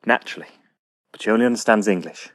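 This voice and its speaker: An actor playing a sardonic Scottish outlaw with a put-on, inauthentic Scottish accent, dry and matter-of-fact. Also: male voice, on the low side, fast talker, a bit bright, no echo, natural voice. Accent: attempted Scottish, not authentic. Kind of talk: comic audio drama acting.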